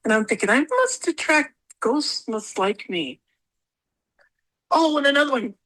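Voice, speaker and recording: A woman with a fairly high voice tells her own stories in a casual interview. She rambles and repeats words, and she acts out the things she said. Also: animated, measured pace, a bit bright, poor audio. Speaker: guest.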